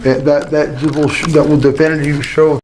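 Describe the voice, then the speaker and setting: A man, the channel host, talking in a casual, halting way that repeats words and restarts often. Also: fairly high pitch, little pitch movement, darkish tone, a little hiss or hum. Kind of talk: casual chat and phone calls.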